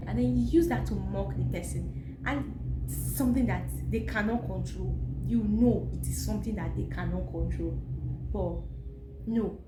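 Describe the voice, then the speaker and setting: Young Nigerian woman vlogger, Nigerian accent, lively and exasperated, echoey room with background noise. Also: medium pitch, moderate pace. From Nigeria, Edo State. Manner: animated, exasperated, mocking asides. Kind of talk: casual commentary to camera.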